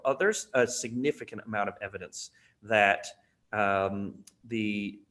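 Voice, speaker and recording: A man's voice: medium pitch, fairly bright tone. Chatty male webinar presenter. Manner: casual, chatty, many fillers. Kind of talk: conference webinar talk.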